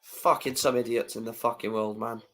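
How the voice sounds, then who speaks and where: A man hosting a football reaction stream, shouting the goals in excitable play-by-play commentary and swearing freely. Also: medium pitch, normal speed. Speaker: live stream host doing football reaction.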